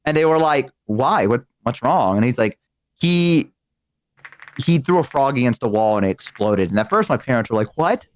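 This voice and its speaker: A man from the American South telling stories in casual chat, animated and profane, acting out the other people in them. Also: medium pitch, normal speed. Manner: animated, profane, acts out quoted voices. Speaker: streaming guest.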